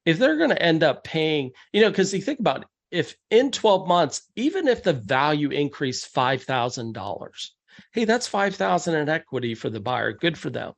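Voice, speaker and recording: A man's voice: fairly high pitch, sing-song, normal speed, gravelly. A man giving a conversational, step-by-step seminar presentation on real estate deals, slipping into quoted voices of buyers and investors.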